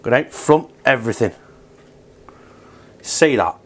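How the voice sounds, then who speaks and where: A man's voice: mid-range voice, animated, a little slow, slightly rough. A man chatting casually and swearing freely while he cooks in his own video, rambling off topic and joking as he goes. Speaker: home cook vlogger. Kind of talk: casual cooking vlog.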